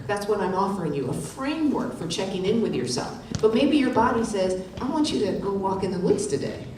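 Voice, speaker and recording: A woman's voice: medium pitch, a little mellow. A woman leading a wellness workshop, coaching the room and checking in with "right?" after her points. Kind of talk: live workshop presentation. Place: conference hall. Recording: very echoey hall, distant mic, faint noise.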